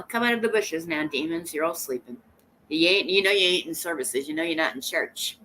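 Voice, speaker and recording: A woman's voice: deep voice, expressive, brisk, bright, forceful tone, a little hiss or hum. A woman hosting a casual live stream, sassy and teasing, often breaking into laughter. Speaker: livestream host.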